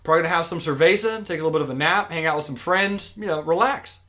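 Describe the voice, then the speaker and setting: A man's voice: on the high side, sharp tone. A man voicing an easygoing, content fisherman in a spoken storybook tale, close to his own voice. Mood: relaxed. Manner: laid-back, unhurried.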